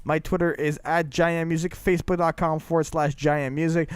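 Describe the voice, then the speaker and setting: Excitable young man hosting a podcast. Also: a little high, normal speed, smooth, no room sound. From Canada. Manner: excitable, laughs often, stumbles and repeats words. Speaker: podcast host. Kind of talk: casual podcast chat.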